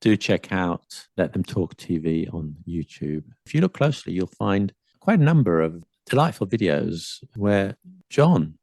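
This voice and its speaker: Deep gravelly man chatting. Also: big pitch swings, unhurried, a little mellow, dry recording. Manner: opinionated, digressive explainer. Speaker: podcast guest co-host. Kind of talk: casual podcast chat.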